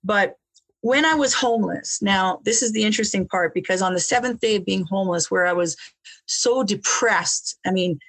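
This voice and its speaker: A woman guest telling her life story in an interview, animated, often repeating words and laughing between phrases. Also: mid-range voice, normal speed. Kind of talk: personal storytelling in conversation.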